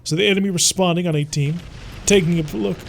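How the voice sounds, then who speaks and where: A man's voice: high-pitched, fairly even intonation, fast talker, creaky, slight background noise. A man giving playful, theatrical commentary while playing a strategy game. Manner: playful, theatrical, talks to enemies. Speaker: gameplay commentator. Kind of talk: let's-play commentary.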